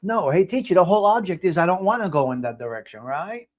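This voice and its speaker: A man's voice: high voice, expressive, fast talker. A man hosting a casual live stream, talking in a blunt, rambling way with frequent restarts. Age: 50s. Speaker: host.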